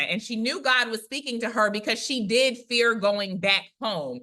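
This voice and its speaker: A woman who is a Christian prophetic speaker, retelling a testimony in a chatty, animated way, often tagging lines with "right?". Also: on the high side, normal speed, hardly any pauses. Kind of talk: conversational storytelling testimony.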